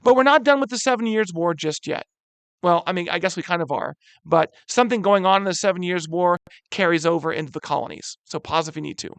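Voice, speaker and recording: A high-pitched man teaching a history lesson in a relaxed, chatty way, often calling his students "guys." He talks with lively energy and sometimes trips over words before he corrects himself. The recording is dry and close, with no room sound. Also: quick pace, no echo. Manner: casual, addresses students as "guys"; animated, stumbles and corrects himself.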